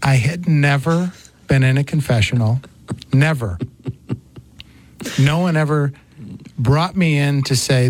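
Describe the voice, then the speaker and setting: A man hosting a talk show, telling a personal story in a lively, conversational way. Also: fairly high pitch, slow, pauses often. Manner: storytelling, animated. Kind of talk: casual chat.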